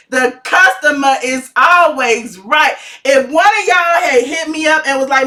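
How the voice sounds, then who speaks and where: A woman giving sassy, dramatic gossip commentary in a vlog, her voice swooping into high shouts. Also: expressive, measured pace, hardly any pauses, recorded from a distance. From Atlanta, USA. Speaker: gossip vlogger.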